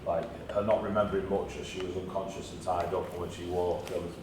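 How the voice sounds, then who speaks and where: A man narrating a tabletop game as game master, relaxed and rambling with ums. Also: sits low, fast talker. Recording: echoey room, mic far off, noisy.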